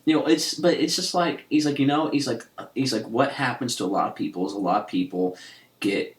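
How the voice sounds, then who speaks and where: A man's voice: medium pitch, fairly quick. A man co-hosting a casual podcast chat, rambling with lots of "you know" and "he's like". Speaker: podcast co-host. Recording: echoey room.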